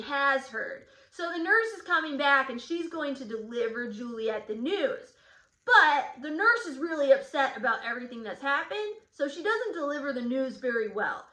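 A woman's voice: high voice, expressive, moderate pace, pushed and bright. A woman teacher leading a casual guided reading lesson, chatty with sardonic asides. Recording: roomy echo.

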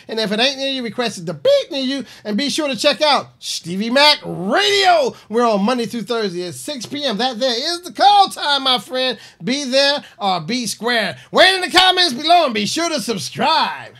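A comedian hosting his own show, riffing on a news story in a loose, rambling way. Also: very high voice. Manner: animated, rambling with fillers. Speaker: comedian host.

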